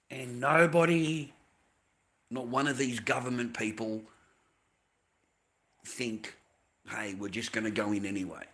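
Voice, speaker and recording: With a mid-range, somewhat bright voice, the middle-aged Australian man rants to his livestream chat. The tirade is blunt and constantly profane, circling back over the same points.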